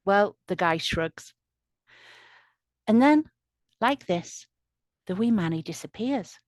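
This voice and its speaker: Woman telling a slow, soothing tale. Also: mid-range voice, lively intonation, dry recording. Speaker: storyteller at a community event. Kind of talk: oral storytelling.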